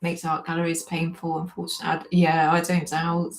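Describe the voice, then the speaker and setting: Giggling again and again, a livestream host reads out comments and chats with self-deprecating humor. Her voice is deep and monotone, and she talks fairly quickly.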